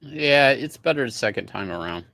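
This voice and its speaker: Brief: hesitant male co-host, low gravelly voice, dry sound. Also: animated, moderate pace, pushed and bright, dry recording. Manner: hesitant, many fillers. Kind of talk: casual chat.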